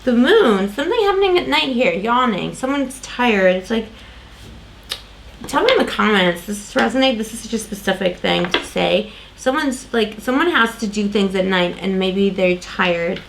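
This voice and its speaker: Woman, tarot reader, casual rambling talk, fillers, mid pitch, faint hiss. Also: animated, normal speed, vocal fry, poor audio. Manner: rambling, self-interrupting, lots of fillers.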